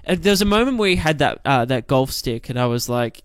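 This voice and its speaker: A man's voice: medium pitch, animated, quick pace, smooth, no echo, clean studio sound. A man, co-hosting a casual film podcast and talking in long rambling sentences full of restarts and fillers.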